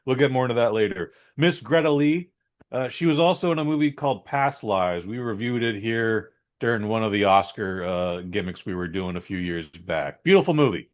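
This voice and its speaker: A man's voice: on the low side, expressive, moderate pace. A man co-hosting a podcast, giving a blunt, rambling and opinionated movie review in a casual chat. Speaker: podcast co-host.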